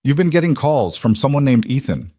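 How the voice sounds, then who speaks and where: A man playing a smooth, cold mob interrogator. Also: medium pitch, fairly quick, no echo, clean studio sound, voice pushed up. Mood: cold, calm. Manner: calm, smooth, menacing. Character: cold, calm male mob interrogator in a suit.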